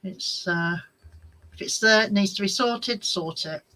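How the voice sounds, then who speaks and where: A British woman who hosts a craft channel runs a casual live-stream chat from home, rambling and addressing commenters by name. Her mid-range voice is bright and forceful, unhurried, and the recording is rough.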